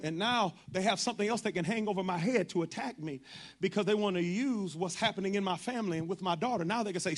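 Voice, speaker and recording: A man's voice: high voice, quick pace, fairly bright tone. A man preaching a sermon to his congregation, impassioned and colloquial, driving his points home through repetition.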